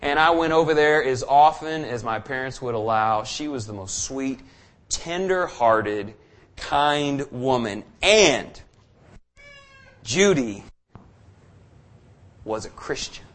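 A man's voice: mid-range voice, animated, a little slow, a bit bright. A man preaching a sermon, telling a personal story earnestly and building to fervent emphasis.

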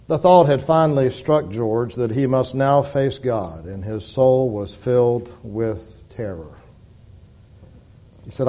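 A man reading a dramatic story aloud as narrator, solemn, rising to loud peaks and then sinking to a hush. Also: mid-range voice, slow.

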